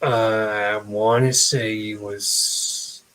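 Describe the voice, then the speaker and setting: A young man co-hosting a casual chat show, telling personal stories in a halting way with many fillers and restarts. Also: on the low side, flat delivery, a bit bright, low-quality recording. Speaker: podcast co-host.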